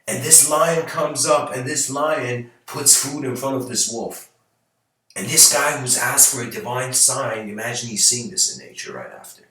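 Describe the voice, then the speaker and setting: A man's voice: medium pitch, animated, moderate pace, pushed and bright. A man telling a story as a rambling talk, hesitant and full of restarts. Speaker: channel host giving a talk. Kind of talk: rambling spoken storytelling lecture. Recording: very echoey room, far from mic.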